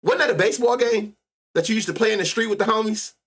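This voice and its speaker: A fast-talking American man with a high-sitting, somewhat bright voice hosts a live sports-betting stream. He chats casually with lots of slang and profanity, laughing often and muttering stats quietly as he goes.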